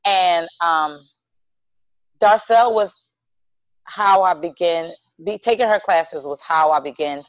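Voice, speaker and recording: Middle-aged woman, dance teacher, low-pitched voice, animated storytelling, dry slightly dull recording. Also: takes it slowly, long pauses, no room sound. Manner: animated, acts out dialogue, trailing restarts. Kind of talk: storytelling in casual conversation.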